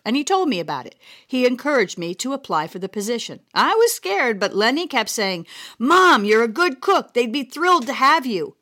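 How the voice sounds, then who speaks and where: A woman's voice: medium pitch, a bit bright. A woman voicing an older grandmother, a retired cook, plainspoken and proud, telling a fond, chatty story with exclamations.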